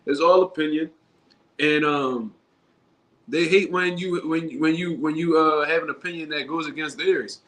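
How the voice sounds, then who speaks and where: A man's voice: a little high, measured pace, a bit bright. Casual slangy man streaming live. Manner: loose, street slang, conversational, restarts often. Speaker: boxing commentary YouTuber. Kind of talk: casual livestream talk.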